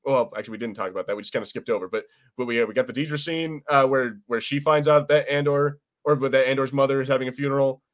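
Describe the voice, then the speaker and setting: A man's voice: medium pitch, fast talker. A man co-hosting a podcast, chatting casually about a TV episode, rambling with lots of fillers and the odd swear word. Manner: rambling, many fillers and restarts, swears freely. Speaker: podcast co-host. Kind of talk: casual chat reviewing a TV episode.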